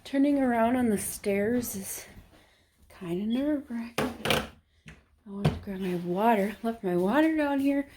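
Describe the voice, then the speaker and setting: A woman's voice: fairly high pitch, a little slow, heavy background noise. A woman vlogging casually from her kitchen at home, chatty and rambling, correcting herself as she goes. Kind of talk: casual vlog chat.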